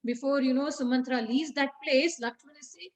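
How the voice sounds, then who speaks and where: High-voiced woman telling a story to children. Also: steady tone, moderate pace, rough recording. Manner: conversational, many fillers, asks the class questions.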